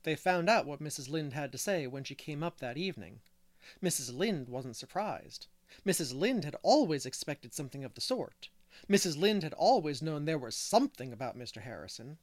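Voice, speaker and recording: A man reading a classic novel aloud as narrator, measured and unhurried. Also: a little high, very animated, dry recording. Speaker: audiobook reader. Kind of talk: scripted narration.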